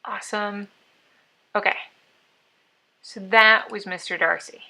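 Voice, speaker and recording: A woman's voice: mid-range voice, steady tone, slow, gravelly, pushed and bright. A woman livestream host chatting casually to herself and her viewers while she draws. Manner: rambling, talks to herself while working. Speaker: livestream host drawing for patrons. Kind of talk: casual chat while drawing.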